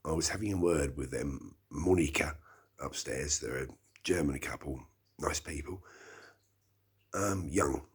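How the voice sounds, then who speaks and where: A middle-aged man hosting a solo early-morning podcast from his flat, talking in a slow, rambling, reflective way with sighs. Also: extremely low pitch, slightly rough. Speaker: podcast host. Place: small flat indoors.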